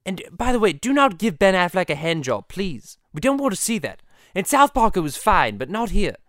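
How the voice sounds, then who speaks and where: A man with a Boston accent hosting a rambling comedy podcast, crude, giggly and easily excited. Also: high-pitched, normal speed, no echo, clean studio sound.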